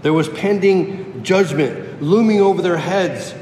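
A man's voice: measured pace, a little mellow. Emphatic preacher man in an echoey hall. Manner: emphatic, repeats key phrases for effect. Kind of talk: sermon. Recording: echoey hall with faint rumble.

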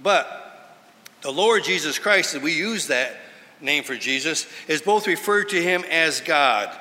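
A man's voice: on the high side, expressive, takes it slowly, bright, forceful tone. A man teaching from the Bible in an earnest, emphatic sermon style. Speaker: preacher. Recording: hall reverb.

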